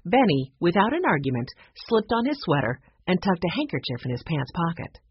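An audiobook reader narrating a children's chapter book in an expressive, storytelling manner. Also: medium pitch, a little fast, breathy edge, no echo. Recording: muffled lo-fi audiobook recording.

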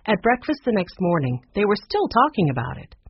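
A man narrating a children's chapter book aloud with expressive, even storytelling. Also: high voice, fairly quick, slightly rough, no echo. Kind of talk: audiobook narration. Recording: dull muffled recording.

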